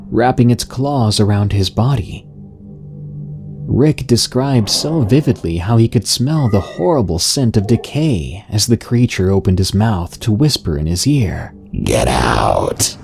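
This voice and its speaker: A man narrating a scary story in a slow, even, scripted storytelling delivery. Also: on the low side.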